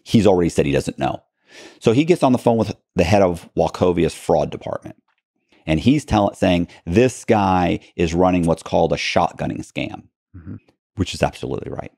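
A man's voice: deep voice, animated, normal speed, gravelly, darkish tone, husky, no echo, studio quality. A man telling a story as a podcast guest, acting out both sides of the dialogue.

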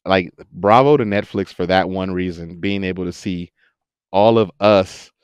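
A man who works as an actor and voice actor, chatting in a podcast interview, telling stories with lots of laughter and quick impressions. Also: low-pitched, clean tone, dry recording, dull audio. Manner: animated storyteller, laughs often, jumps into quoted voices. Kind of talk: casual interview chat.

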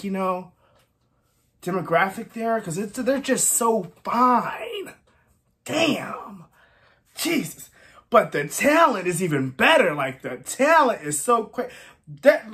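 A music reaction host giving casual, exclamatory commentary, emotional and teary-eyed, with emphatic, drawn-out phrasing. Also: medium pitch, big pitch swings, a bit bright.

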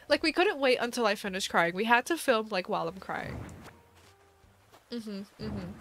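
A young woman chats casually on a live stream, rambling and laughing as she talks. Her voice sits at an ordinary middle pitch, and her delivery is loose and playful with plenty of filler words. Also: a bit bright, a little hiss or hum. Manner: giggly, chatty, lots of "like" fillers.

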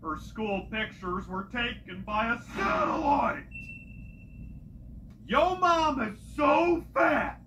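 A comedic joke teller with a punchy delivery who shouts each setup line before the punchline. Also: medium pitch, takes it slowly, slight background noise.

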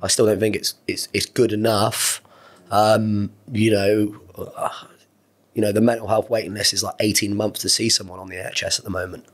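An ex-Marine in his thirties speaks openly and at length as a podcast guest in a candid conversational interview. His voice sits lowish with little pitch movement at a moderate pace, and he rambles earnestly, swearing now and then.

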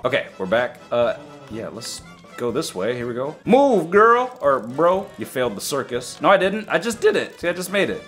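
A man in his twenties from Los Angeles, narrating a game roleplay with excitable, jokey commentary that breaks into yelps and shouts. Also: on the high side, moderate pace, faint music behind. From Los Angeles, USA. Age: 20s. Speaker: YouTuber narrating gameplay.

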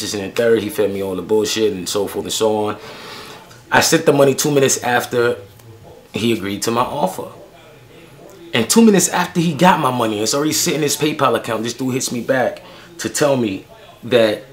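A young man ranting to camera in a casual vlog, slangy and annoyed, with lots of fillers as he tells a story. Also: mid-range voice. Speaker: sneaker vlogger.

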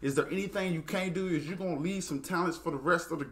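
A man hosting a music reaction video, talking excitedly, exclaiming often and swearing freely. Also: high-pitched, fast talker.

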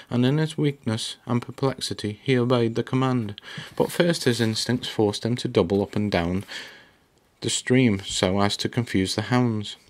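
Low-ish male voice reading a book aloud, calm and steady storytelling. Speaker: audiobook reader.

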